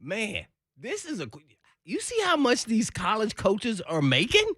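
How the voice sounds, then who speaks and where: A man's voice: sits high, huge pitch swings, a little slow, bright, forceful tone, no echo, clean studio sound. A man co-hosting a sports radio show, talking in a rambling, earnest way full of fillers. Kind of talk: casual sports talk.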